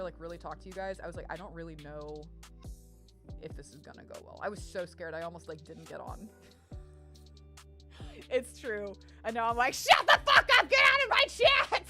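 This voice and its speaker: Woman streamer, casual live chat, laughs a lot, voice pitched a bit high and very animated. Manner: giggly, laughs often, chatty and candid. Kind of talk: casual chat with live viewers while gaming.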